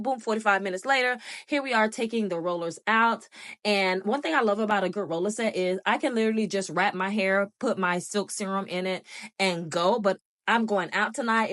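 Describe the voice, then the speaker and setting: A woman's voice: mid-range voice, fairly bright tone, no room sound, studio quality. A middle-aged woman, talking viewers through a casual hair and makeup tutorial with playful sound effects. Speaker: beauty vlogger.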